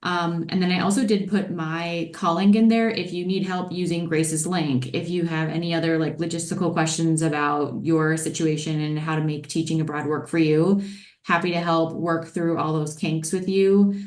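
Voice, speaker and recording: Deep-voiced woman hosting a webinar, echoey. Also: steady tone, moderate pace, darkish tone. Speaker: webinar host, program advisor. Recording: echoey room.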